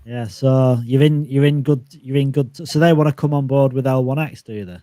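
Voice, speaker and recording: Male host, mid pitch, dry close sound, rambling casual chat. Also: normal speed, dark tone, no room sound. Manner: repeats himself, lots of likes and restarts. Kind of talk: casual chat on a live audio stream.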